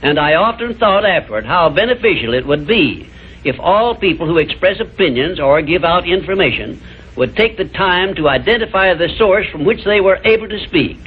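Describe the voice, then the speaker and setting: A man delivering a measured, emphatic motivational lecture in an old, tinny archival recording. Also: sits high, lively intonation, husky.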